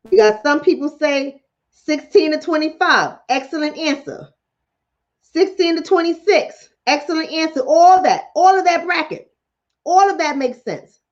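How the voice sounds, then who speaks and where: A woman with a high voice speaks as a psychologist hosting a live stream, answering her chat in a blunt, preachy way. She drives each point home by repeating it. The audio is muffled and lo-fi. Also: a bit bright.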